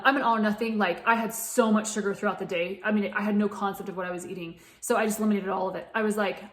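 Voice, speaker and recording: A woman in her late thirties, a fitness coach, telling her own story in a candid, chatty way. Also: medium pitch. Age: 30s. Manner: candid and chatty, many restarts. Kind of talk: personal story told to camera. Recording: echoey room.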